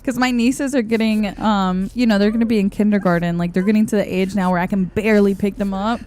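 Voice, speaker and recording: A woman's voice: mid-range voice, steady tone, fast, slight background noise. A young adult woman streaming a game, chatting casually, answering her chat and laughing often. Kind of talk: casual live-stream chat while gaming. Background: soft background music.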